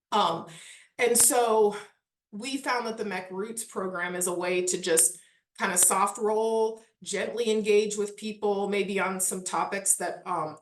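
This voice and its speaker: Chatty Midwestern woman in a roomy space. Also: mid-range voice. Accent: Midwestern American. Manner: earnest, chatty, frequent "like" and "um". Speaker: historic site manager. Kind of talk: conversational interview answers.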